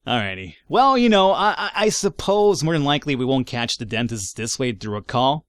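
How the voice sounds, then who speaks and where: A man narrating his own gameplay in an easy, casual way, mixing read-out reports with dry, sarcastic remarks and the odd curse. His pitch swings widely as he reacts. The sound is close and completely dry. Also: sing-song, moderate pace, clean tone, dry recording. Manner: reads in-game reports aloud, wry and sarcastic asides, swears casually. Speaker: let's play gamer.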